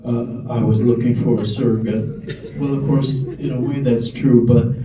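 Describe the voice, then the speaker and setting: Older toronto guy over a tinny phone line, distant and roomy, talks slow and wry, lots of restarts. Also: mid-range voice, steady tone, a crowd in the background. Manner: measured, thoughtful, wry, frequent restarts. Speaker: film director. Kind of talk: interview answers.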